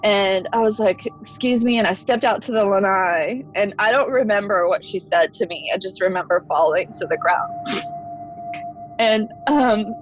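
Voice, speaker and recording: A woman's voice: mid-range voice, moderate pace, soft background music. Podcast guest: conversational woman in her forties, recounting her own story, heard on a somewhat dull recording. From Texas. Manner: conversational, many "like" fillers. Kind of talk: personal storytelling.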